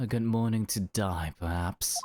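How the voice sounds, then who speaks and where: A man voicing a melancholy, theatrical gentleman detective in a low, mournful tone. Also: a little slow, noisy background, close to an everyday voice. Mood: despondent.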